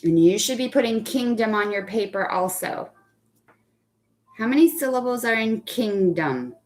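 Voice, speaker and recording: A young adult woman teacher leading a live online phonics lesson, patiently praising children by name and spelling out words deliberately. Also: on the high side, expressive, a little mellow.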